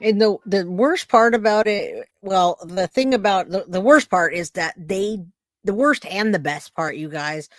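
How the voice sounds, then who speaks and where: A woman's voice: medium pitch, expressive, unhurried, dry recording. A woman hosting a livestream, reacting emphatically to clips and reading out viewer chats. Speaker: livestream host. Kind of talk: casual livestream commentary.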